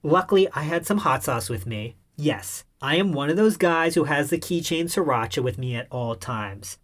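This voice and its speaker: A man's voice: on the high side, expressive, moderate pace, a bit bright. Wry, irreverent male comic narrator. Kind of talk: scripted comedic first-person narration.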